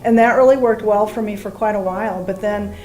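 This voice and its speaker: A woman's voice: medium pitch, brisk, a little mellow, soft background music. Earnest middle-aged woman telling her story. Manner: earnest, reflective, with frequent ums and restarts. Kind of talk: conversational personal testimony.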